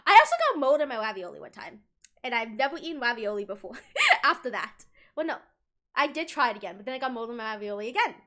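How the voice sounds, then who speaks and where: Giggly young woman streamer, lively pitch. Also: fast talker. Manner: giggly, animated, acts out quotes. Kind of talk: casual storytelling to live chat.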